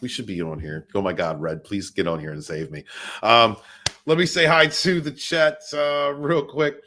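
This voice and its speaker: A man's voice: medium pitch, normal speed, bright, forceful tone. A man hosting a casual livestream podcast, chatting nonstop, rambling and greeting viewers in the chat by name.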